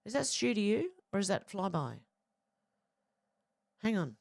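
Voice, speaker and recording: A woman's voice: mid-range voice, sing-song, unhurried, creaky, darkish tone, no echo, clean studio sound. Chatty Australian woman reading live chat. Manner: chatty, reads comments aloud, blunt and swears. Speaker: livestream host reading chat.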